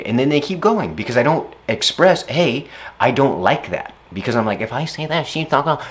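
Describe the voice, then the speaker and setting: A man's voice: mid-range voice, lively intonation, quick pace. Man, reflective interview monologue, rambling and casual, voice lifts when he quotes himself.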